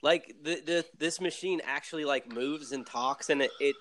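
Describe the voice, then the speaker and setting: A man's voice: fairly high pitch, normal speed, a bit bright, slight background noise. A man casually co-hosting a movie podcast, rambling with lots of fillers. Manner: rambling, lots of "like", laughs easily. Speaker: podcast co-host.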